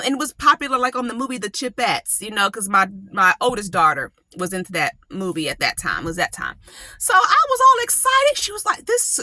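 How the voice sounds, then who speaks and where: A woman hosting her own channel, talking casually and animatedly, often breaking into high laughing exclamations. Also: bright, forceful tone, dry recording. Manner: dialect touches in her speech. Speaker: coach and channel host. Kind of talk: casual monologue.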